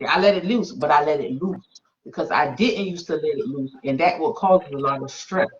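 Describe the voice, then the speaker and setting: A woman hosting a faith-based interview podcast, emphatic and quick to exclaim and affirm. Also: sits low, crowd noise. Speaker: podcast host. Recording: dull lo-fi sound.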